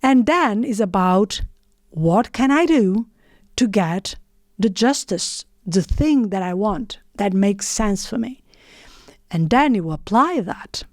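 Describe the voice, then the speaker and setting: A woman giving a reflective motivational talk in short phrases with frequent pauses and non-native English phrasing. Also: mid-range voice, lively intonation, a little mellow, no echo, studio quality. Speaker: motivational speaker.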